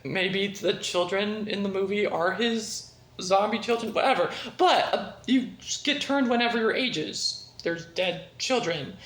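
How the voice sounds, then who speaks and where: A woman's voice: mid-range voice, a little slow, a bit bright. A young woman talking in a casual video review, rambling and gushing in a scatterbrained way. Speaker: book reviewer. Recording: echoey room.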